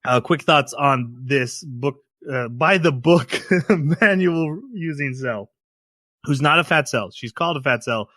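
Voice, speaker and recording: A man's voice: mid-range voice, measured pace, sharp tone, no room sound, clean studio sound. A man hosting a casual podcast, rambling through an anime episode, laughing often and acting out quotes. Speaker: podcast host.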